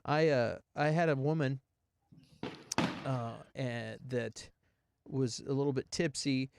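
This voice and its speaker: A man co-hosting a podcast in casual chat, telling stories in a rambling, animated way with many restarts. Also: medium pitch, slow pace, vocal fry, heavy background noise. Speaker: podcast co-host.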